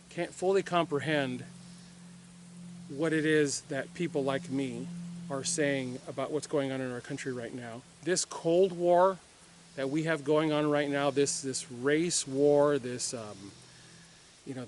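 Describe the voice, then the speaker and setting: A man's voice: medium pitch, a little hiss or hum. A middle-aged man from Puerto Rico telling a personal story to camera in a rambling, reflective way, with many fillers and restarts. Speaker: firearms training company owner.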